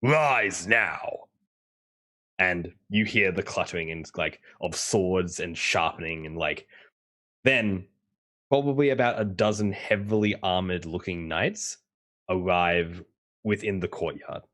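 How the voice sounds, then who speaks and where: A deep-voiced man narrates a tabletop game as game master. He rambles loosely and fills his sentences with hesitations. His tone stays casual and unhurried. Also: a bit bright. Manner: loose and rambling, many fillers.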